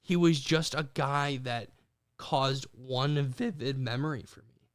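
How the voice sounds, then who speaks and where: A young man co-hosting a podcast, telling stories in animated bursts with quick restarts. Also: mid-range voice. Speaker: podcast co-host. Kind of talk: casual chat.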